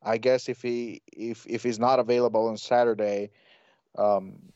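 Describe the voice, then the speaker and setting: A man co-hosting a sports podcast in casual chat, talking in a measured way with many restarts. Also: on the low side, little pitch movement, darkish tone, no room sound. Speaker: podcast co-host. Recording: dry, dull lo-fi sound.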